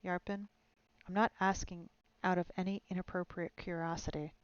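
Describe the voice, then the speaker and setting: A woman's voice: lowish voice, level tone, normal speed, clear, resonant tone, dry recording, dull audio, close to an everyday voice. A woman reading aloud and voicing a terse, grim male monster hunter who speaks curtly and levelly. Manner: curt, level.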